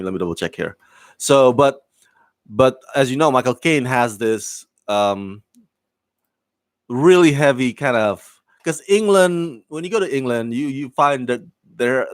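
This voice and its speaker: A man talks through a show review in a loose, rambling way, full of ums and restarts. His voice sits at an ordinary middle pitch, and he laughs easily and stays upbeat. The sound is dry and close, with no room around it. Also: no room sound. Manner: rambling with many fillers and restarts; enthusiastic, laughs often. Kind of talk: casual review commentary.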